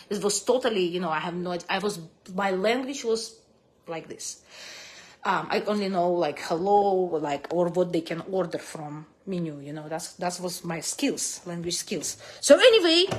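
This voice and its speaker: With a Russian accent and non-native grammar, a woman from Kazakhstan recounts personal stories casually to the camera. Her delivery is animated, marked by big shifts in pitch and volume.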